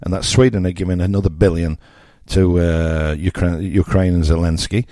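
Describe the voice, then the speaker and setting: A low-voiced older Englishman with a Yorkshire accent hosts his radio slot, blunt and mocking as he talks straight to listeners. His tone is dark and mellow, and the recording is close and dry with no room sound. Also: steady tone, moderate pace, dry recording. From England. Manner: blunt, mocking, conversational with asides. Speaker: radio presenter. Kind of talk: opinionated radio monologue.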